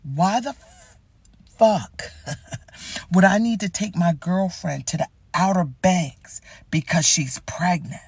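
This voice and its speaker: A woman's voice: on the low side, slow, vocal fry, breathy edge, no echo, heavily acted. A woman voicing an impatient, cursing man who demands an appointment and talks down to her. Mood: incredulous. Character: rude, impatient adult male caller.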